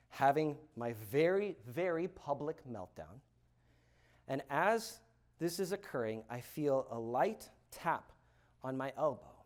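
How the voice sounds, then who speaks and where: Dramatic man telling a story. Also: mid-range voice. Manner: dramatic, swings from loud emphasis to hushed, halting delivery. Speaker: keynote speaker. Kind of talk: storytelling speech to an audience.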